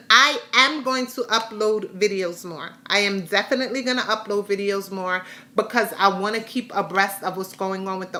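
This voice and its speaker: A middle-aged woman talks to her viewers in a loose, rambling way, drifting from story to story with heartfelt sincerity. Her voice is bright and forceful and sits at an ordinary pitch. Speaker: vlogger sharing a health update. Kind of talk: casual personal chat.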